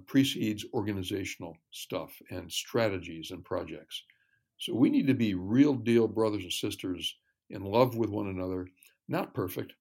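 A man talking as a ministry guest in an interview, earnest and measured, telling stories. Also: lowish voice, gravelly, darkish tone. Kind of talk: casual interview chat.

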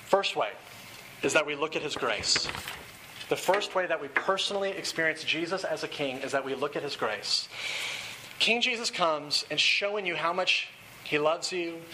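High, bright-voiced young preacher. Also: male voice, slight background noise. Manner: earnest preaching mixed with playful storytelling. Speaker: pastor. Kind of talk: sermon.

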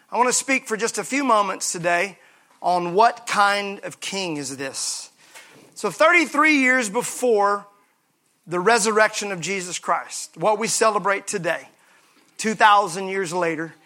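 Pastor, male, high bright voice, energetic, joking sermon with congregation repeating lines. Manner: lively preaching with call-and-response and humor. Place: church sanctuary.

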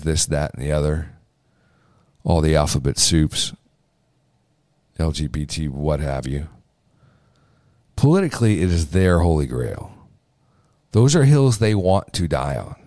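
A man with a low, deep voice delivers casual political commentary as a podcast host. He talks off the cuff, stumbling into restarts and repeating words for emphasis. The sound is dry and close, with no room around it. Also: a little mellow, no echo. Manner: conversational with fillers, restarts and emphatic repetitions.

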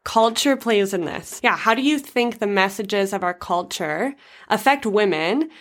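Young woman host, casual faith talk, expressive storyteller. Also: mid-range voice, unhurried.

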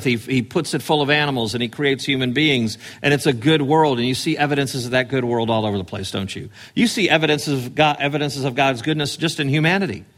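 A man's voice: medium pitch, fairly bright tone. A man preaching a sermon in a conversational, emphatic way, pushing his voice up on key phrases. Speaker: pastor.

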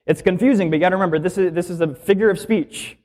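A man's voice: high voice, quick pace, darkish tone. Conversational man teaching a sermon. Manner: explains scripture plainly, asks the listeners rhetorical questions. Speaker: minister.

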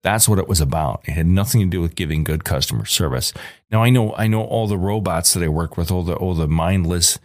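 A man's voice: low voice, fairly quick, darkish tone, no echo, studio quality. A man in his forties delivering an angry, emphatic ranting monologue as a podcast host.

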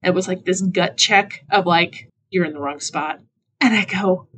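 A middle-aged woman hosting a podcast, telling a story in a casual, self-mocking way and jumping into high voices when she quotes people. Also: moderate pace, a bit bright. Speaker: podcast host.

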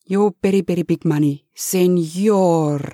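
A woman's voice: lowish voice, measured pace, mellow, no echo, studio quality, lightly acted. A woman voicing an anxious, loyal male servant in a bedtime story, with a Spanish accent, broken English and a pleading manner.

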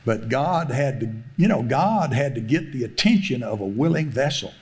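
A man's voice: mid-range voice, expressive, moderate pace, darkish tone. A middle-aged man, preaching a sermon and telling a story, laughing often and acting out the voices he quotes. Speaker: pastor.

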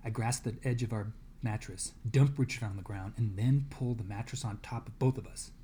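A man's voice: on the low side, moderate pace, dark tone, slight background noise. A man reading a novel aloud to a class as a guest reader, dramatic and dropping to a whisper in tense moments.

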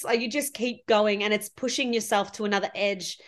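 Woman coach doing a solo podcast, kinda high voice, gushing and heartfelt. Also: fairly even intonation, moderate pace, few pauses, fairly bright tone. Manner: heartfelt, effusive, spiritual coaching talk. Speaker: podcast host and money mindset coach.

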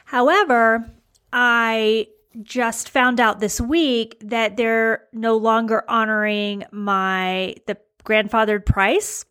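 A woman's voice: fairly high pitch, level tone, slow pace, fairly bright tone, clean tone. A woman talking casually to her blog audience as their coach, chatty with fillers and emphatic repeats. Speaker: blogging coach. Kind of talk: casual video talk to followers.

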